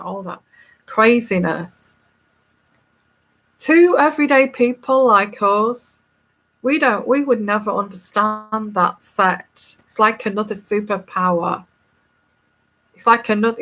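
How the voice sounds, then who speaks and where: A woman's voice: mid-range voice, slow, fairly bright tone. A woman with a neutral English accent, a tarot reader talking casually to viewers in a rambling, emphatic and scornful way.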